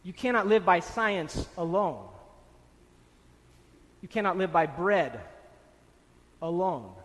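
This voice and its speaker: A man delivers a sermon in a high voice, stressing his words and circling back to repeat key phrases. His voice carries a long reverb, as in a large hall. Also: lively intonation, slow. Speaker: preacher.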